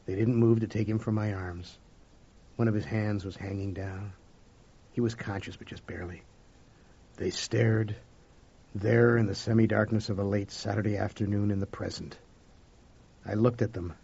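A man with a gravelly, husky voice narrates a first-person story. His reading is dramatic, dropping to hushed whispers and rising to loud outbursts. The recording sounds dull and lo-fi. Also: lowish voice, fairly even intonation, moderate pace. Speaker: audiobook narrator.

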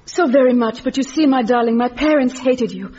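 An actress playing a melodramatic woman reunited with an old flame, slipping into deadpan asides, in a radio comedy. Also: fairly high pitch, brisk, husky. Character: dramatic woman returning to a lost lover. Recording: muffled recording with hiss.

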